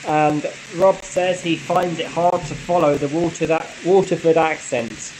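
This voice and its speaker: Chatty man with a slightly high voice. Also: a little slow, slight background noise, low-quality recording. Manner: relaxed and chatty, with frequent light laughs. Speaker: model railway channel host. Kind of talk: casual live stream chat answering viewer comments.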